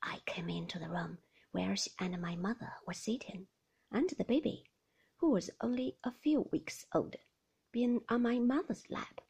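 A woman narrating a classic novel in a hushed, slow storybook reading. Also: mid-range voice, vocal fry, breathy edge, dull audio.

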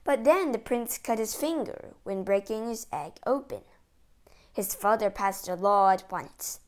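A woman voicing an anxious male court secretary, pleading urgently in a higher voice. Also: lively intonation, measured pace.

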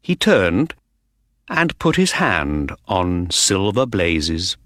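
A man narrating an audiobook in a slow, clear reading voice. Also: low voice, sing-song, fairly bright tone, no room sound, clean studio sound. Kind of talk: scripted narration of a graded reader.

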